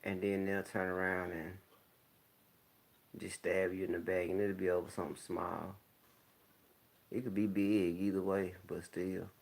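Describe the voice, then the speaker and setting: Deep gravelly man rambling. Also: little pitch movement, unhurried, long pauses. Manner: laid-back, rambling, candid talk with frequent throat clearing. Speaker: vlogger. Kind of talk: casual monologue to camera. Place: home, smoking while talking.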